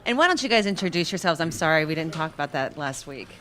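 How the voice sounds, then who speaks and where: A woman's voice: sits low, expressive, fast talker. A woman co-hosting a podcast who introduces guests in casual, friendly banter and laughs easily. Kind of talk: casual chat. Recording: loud crowd and noise behind.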